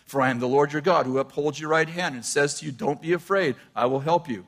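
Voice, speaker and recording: An older man preaching a sermon, animated and laughing often as he quotes scripture. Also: fairly high pitch, fairly quick, creaky, hardly any pauses. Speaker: pastor.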